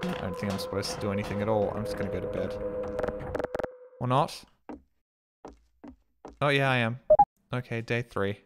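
A man's voice: on the low side, normal speed, pauses often, over loud music. A man streaming a game, talking casually and at length in a rambling, puzzled way, swearing freely as he plays. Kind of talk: casual live gameplay commentary.

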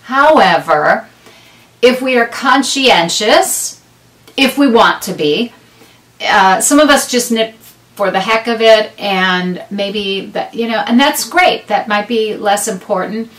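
A middle-aged woman chats casually to camera on her knitting podcast, rambling along and tossing in self-deprecating asides. Her medium-pitched voice is fairly bright, with lively intonation and a slow pace. The mic is distant, giving a roomy, slightly off-mic sound.

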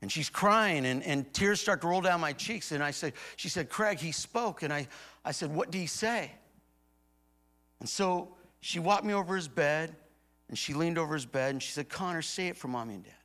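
A man preaching a sermon as guest pastor, telling a personal story to a congregation and swinging from hushed retelling to loud, emphatic declarations. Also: on the high side. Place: church auditorium before a congregation.

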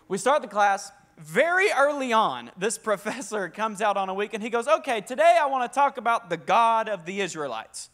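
A young man with a Southern US accent preaching a sermon, talkative and energetic and calling for responses from the congregation. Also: sits high, moderate pace, few pauses. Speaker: pastor.

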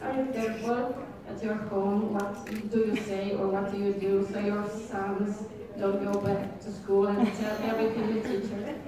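A woman in the audience asking a question in a careful, halting way. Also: medium pitch, flat delivery. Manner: careful, halting, not fluent. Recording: echoey convention hall from far off, crowd noise.

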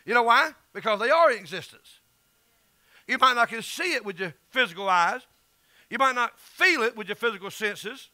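A man's voice: very high-pitched, lively intonation, moderate pace, bright, forceful tone, no room sound. A middle-aged man with a Southern US accent, preaching an emphatic, folksy sermon as pastor.

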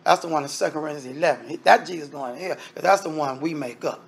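High-pitched gravelly male preacher. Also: quick pace. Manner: emphatic, conversational preaching that addresses the congregation directly. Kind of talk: sermon.

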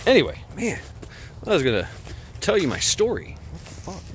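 A man's voice: fairly high pitch, huge pitch swings, normal speed, slight background noise. A man vlogging while walking his dog outdoors at night, telling a story in a rambling way with lots of fillers and restarts.

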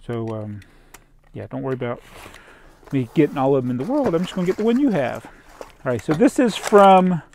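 A man's voice: on the high side, very animated, a little fast, vocal fry, long pauses, darkish tone, slight background noise. A man chatting casually as he unboxes toy parts, rambling and chuckling while he thinks aloud. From American South. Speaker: toy collector vlogger.

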